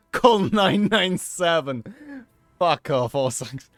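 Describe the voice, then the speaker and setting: A young British man streaming a game, animated and sweary, laughing often. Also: a little high, slow pace, no echo, faint music behind. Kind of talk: casual let's-play commentary.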